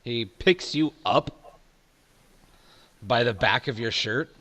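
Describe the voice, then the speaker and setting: A man narrating as game master in a slow, unhurried way, full of "like" and "uh." He laughs easily as he describes what happens at the table. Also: mid-range voice, a bit bright. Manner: loose, laughing, filler-heavy.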